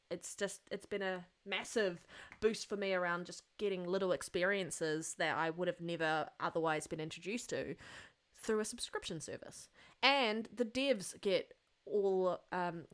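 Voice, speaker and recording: A woman with a New Zealand accent co-hosting a gaming podcast in casual chat, talkative and quick to laugh. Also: medium pitch. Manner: chatty, laughs often. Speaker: podcast co-host.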